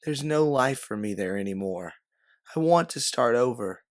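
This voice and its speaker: A man's voice: mid-range voice, expressive, moderate pace, no echo, clean studio sound, pitched above the performer's own voice, close to an everyday voice. Storybook role: man doing a pleading young woman, lifted voice. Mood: desperate. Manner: pleading, tearful. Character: distraught young woman fleeing her century.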